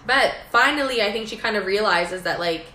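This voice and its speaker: A woman's voice: mid-range voice, expressive, fairly quick, bright, forceful tone. A young woman chatting bluntly and sarcastically as a podcast co-host. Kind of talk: casual chat. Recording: echoey room with faint noise.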